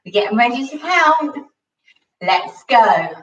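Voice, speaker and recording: A woman's voice: on the high side, animated, slow pace, a bit bright, echoey room, recorded from a distance, muffled recording. A woman coaching a children's home workout, cheerful and encouraging and a bit out of breath from exercising. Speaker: kids' gymnastics coach.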